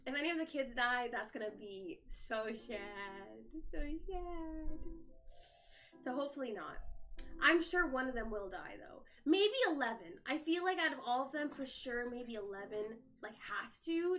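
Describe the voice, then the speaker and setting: A woman's voice: high-pitched, lively intonation, moderate pace, a bit bright, faint music behind. A young woman in casual livestream chat from her phone at home, answering viewer comments while tidying up. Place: home, indoors.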